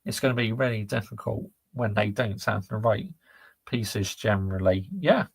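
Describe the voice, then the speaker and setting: A man's voice: lowish voice, moderate pace, vocal fry, slightly rough, dry recording. A man hosting a casual live stream, reading out chat and ranting bluntly in laddish slang. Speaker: football channel host reading live chat.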